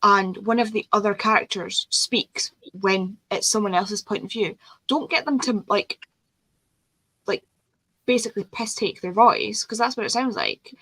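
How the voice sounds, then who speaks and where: A woman's voice: medium pitch, measured pace, sharp tone, no echo, rough recording. A woman hosting a casual chat with friends, rambling and ranting animatedly about audiobooks. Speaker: host.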